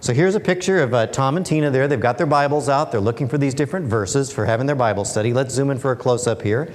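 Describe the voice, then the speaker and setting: A man's voice: medium pitch, quick pace. A man giving a humorous presentation as a guest speaker and author. He talks playfully and keeps asking the audience rhetorical questions. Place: lecture hall. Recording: long hall reverb.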